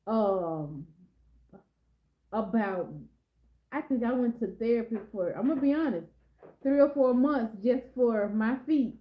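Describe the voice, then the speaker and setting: Middle-aged woman, fairly high voice, warm and mellow tone, chatty and rambling, casual live-stream talk. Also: reverberant, low-quality recording. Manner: chatty and rambling, talks straight to viewers. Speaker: lifestyle vlogger hosting a live stream.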